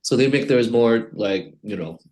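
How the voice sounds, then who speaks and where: A man, a company head, demoing his product as a podcast guest, halting and restarting his sentences. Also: mid-range voice, expressive, a little mellow. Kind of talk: casual product demo in an interview.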